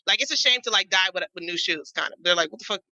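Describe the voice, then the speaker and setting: A woman's voice: lowish voice, quick pace, no room sound, poor audio. A woman comedian with Jamaican family, chatting and joking loosely on a podcast, swearing and laughing as she tells stories. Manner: animated, swearing, laughing storyteller. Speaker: comedian guest. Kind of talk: casual comedic podcast chat.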